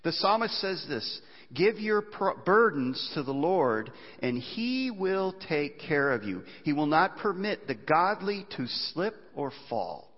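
A man preaching a sermon as pastor, animated and often voicing cries of despair. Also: on the high side, slow, hardly any pauses. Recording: dull sound, long reverb of a large hall.

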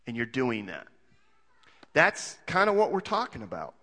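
Lively, bright-voiced man preaching. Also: mid-range voice, moderate pace, big-room sound. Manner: conversational, full of rhetorical questions and homely jokes. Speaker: pastor. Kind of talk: sermon.

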